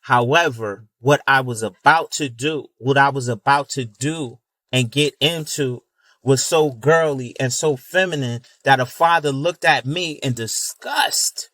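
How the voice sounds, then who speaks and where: A man's voice: mid-range voice, measured pace, a bit bright, no room sound. A man telling a personal story in an emphatic, casual way, repeating words and using fillers like "you know.". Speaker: video creator.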